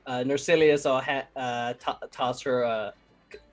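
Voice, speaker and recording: A man takes part in a tabletop role-playing game and describes what his character does, often faltering and starting over. His voice is mid-pitched, with faint music behind him. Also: fairly even intonation, measured pace. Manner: hesitant, with many restarts. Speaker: player. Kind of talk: casual tabletop role-play.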